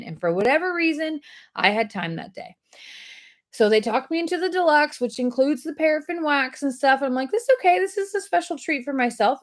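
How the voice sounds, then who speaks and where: A woman, hosting a weekly video and telling a rambling, self-deprecating story to her viewers. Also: high voice. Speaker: host of a weekly video segment.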